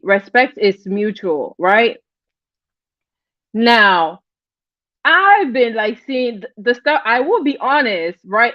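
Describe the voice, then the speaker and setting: A woman's voice: on the high side, dry recording, highs cut off. A woman hosting a casual livestream, chatting with viewers, greeting them by name and often repeating her phrases. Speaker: livestream host.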